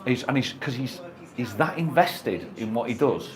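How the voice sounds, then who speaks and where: A man's voice: medium pitch, expressive, moderate pace. A man in his fifties co-hosting a radio show, chatting casually as a jokey storyteller who swears freely. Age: 50s. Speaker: radio co-host. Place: radio studio.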